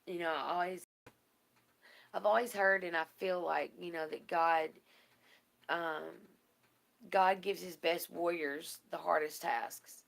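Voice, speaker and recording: Gravelly-voiced woman, tearful and rambling. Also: fairly low pitch, fairly even intonation, slow, pauses often, fairly bright tone. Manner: rambling, heartfelt, many fillers. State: tearful, close to crying. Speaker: vlogger. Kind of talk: emotional casual video message.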